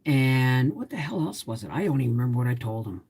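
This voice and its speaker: Woman, 50s, livestream host, weary confiding ramble, deep voice. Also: lively intonation, fast, background noise. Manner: confiding, rambling storyteller who greets viewers. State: emotionally tired. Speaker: homestead vlogger hosting a livestream. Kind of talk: casual live-stream chat.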